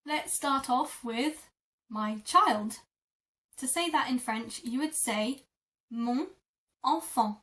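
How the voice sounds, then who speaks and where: A young woman teaching French words in a lesson, repeating each word slowly and carefully. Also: high-pitched, bright, forceful tone, distant mic. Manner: slow, careful repetition of words. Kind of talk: vocabulary lesson.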